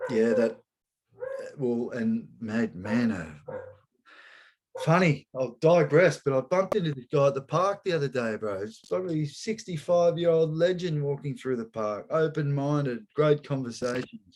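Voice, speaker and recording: A man's voice: mid-range voice, measured pace, darkish tone. A man hosting a casual podcast chat, rambling and slangy, calling his guest mate and bro. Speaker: podcast host.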